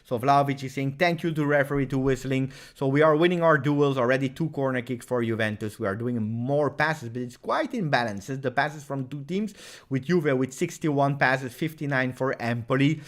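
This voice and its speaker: An excitable man with an Italian accent reacting live to a football match. His voice sits at an ordinary middle pitch, and he talks straight to his viewers before bursting into loud cheers. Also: moderate pace.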